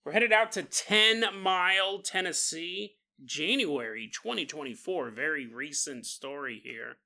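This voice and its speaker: Bright-voiced joking male podcast host. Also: a little high, measured pace, creaky. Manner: joking, animated, laughs often. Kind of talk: comedic paranormal storytelling.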